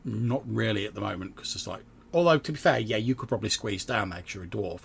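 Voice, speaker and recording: A man's voice: on the low side, animated, quick pace, vocal fry, husky. A young man narrating a tabletop game as game master, casual and vivid, with lots of fillers.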